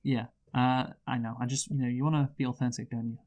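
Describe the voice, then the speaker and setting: A man with a voice of ordinary pitch hosts a casual film review. He keeps steering the conversation back to the plot and reads out background notes. He laughs easily between points. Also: level tone, quick pace, darkish tone. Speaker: host of a movie review show. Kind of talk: casual chat with read plot summary.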